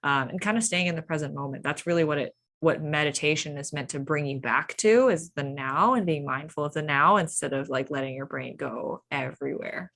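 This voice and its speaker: A woman co-hosting a podcast, talking in a relaxed, conversational way with frequent "like". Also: sits low, fairly quick, hardly any pauses. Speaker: podcast co-host. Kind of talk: casual podcast chat.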